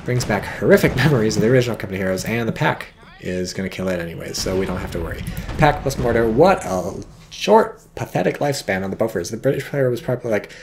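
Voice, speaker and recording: Male game commentator, gravelly fry, lively pitch swings, excitable, casual swearing, noisy recording. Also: racing. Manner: excitable, swears freely, frequent "oh boy" exclamations.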